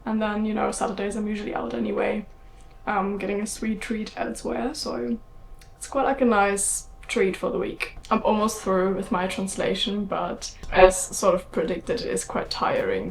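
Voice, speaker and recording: A woman's voice: mid-range voice, moderate pace, vocal fry. A young woman with a German accent, chatting casually in a home vlog and filling her talk with "like" and "um". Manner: chatty, with many fillers like "like" and "um". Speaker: vlogger. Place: home in London.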